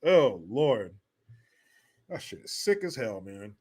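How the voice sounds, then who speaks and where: A man's voice: mid-range voice, big pitch swings, slow pace, darkish tone, slightly rough. A man hosting a casual livestream, joking and swearing as he reads and answers viewer comments. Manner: profane, joking, reads chat aloud. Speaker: host.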